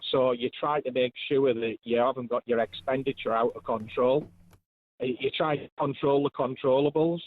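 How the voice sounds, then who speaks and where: A man's voice: medium pitch, fairly even intonation, normal speed, no echo. A man calling in to a radio phone-in, talking earnestly and emphatically as he builds his case. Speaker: caller. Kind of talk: phone-in call. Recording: tinny dry phone line.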